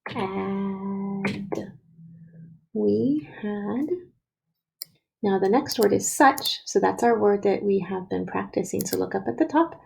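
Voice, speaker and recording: A woman teacher guides young children through writing a sentence, spelling and sounding out each word with care. Her voice is mellow and slightly gravelly, and she speaks slowly and deliberately. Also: medium pitch, a little hiss or hum, poor audio. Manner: slow, patient, sounds out words and letters.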